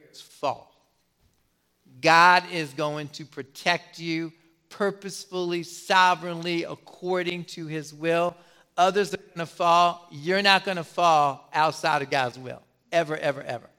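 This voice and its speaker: A middle-aged man preaching a sermon as a pastor, putting questions to the congregation and pausing for effect. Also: fairly high pitch, fairly even intonation, bright, forceful tone, clear, resonant tone.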